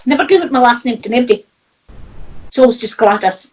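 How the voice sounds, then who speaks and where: Doric scottish lady chattin away, laughs a lot n swears, voice way up high. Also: fairly quick, darkish tone, poor audio. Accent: north-east Scottish (Doric). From north-east Scotland. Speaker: psychic medium. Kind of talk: casual chat.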